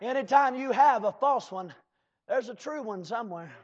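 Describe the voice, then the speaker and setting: A preacher man delivers a fiery sermon in a very high, lively, husky voice. He swings between shouted bursts and slow drawled asides, calling out to the congregation. The recording sounds dull and lo-fi.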